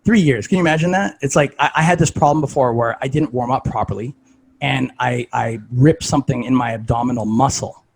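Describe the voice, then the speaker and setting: Husky-voiced man, chatty fitness coach. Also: mid-range voice, fairly quick, low-quality recording. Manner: conversational, frequent "like" and "right?". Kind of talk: casual coaching talk.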